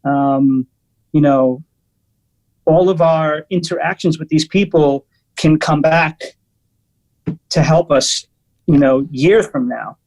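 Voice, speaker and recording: A man with a high voice, telling stories in a loose, animated chat. He talks in bursts with restarts and fillers, as a podcast guest. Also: slow, long pauses, rough recording. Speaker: guest musician. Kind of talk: casual storytelling chat.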